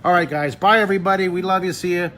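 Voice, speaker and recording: A man teaching drawing on a live webcast, chatting with fans in a jokey, excitable way and breaking into delighted exclamations. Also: high-pitched, fast talker, slight background noise. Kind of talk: lively live-stream chat with fans. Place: a restaurant.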